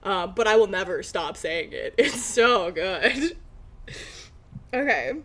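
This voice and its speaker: A woman's voice: medium pitch, expressive, takes it slowly, fairly bright tone. A woman chatting casually with her stream viewers and breaking into frequent laughing fits. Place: room lit by natural light.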